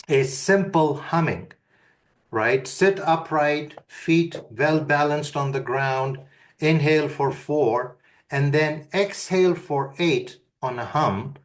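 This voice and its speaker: Slow, calm man teaching voice exercises. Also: mid-range voice. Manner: guides listeners through breathing and humming exercises; calm, deliberate instruction. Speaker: webinar speaker. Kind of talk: instructional webinar talk.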